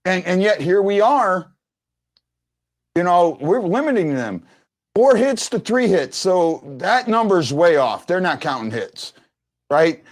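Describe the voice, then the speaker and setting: Lively, rambling fan-show host, a man. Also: sits high, slow pace. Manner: rambling storyteller, restarts often. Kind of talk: casual sports chat.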